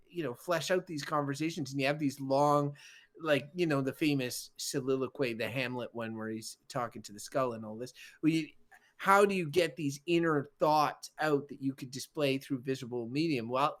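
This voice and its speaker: A man co-hosting a podcast in casual chat, recounting things in an animated way. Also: medium pitch. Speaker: podcast co-host.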